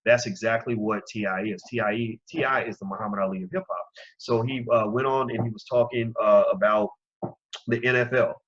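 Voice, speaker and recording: Male commentary host, husky, impassioned preacher-style delivery, muffled lo-fi sound. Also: on the low side, fairly even intonation, normal speed. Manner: impassioned, preaching, direct address to listeners. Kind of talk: opinion commentary.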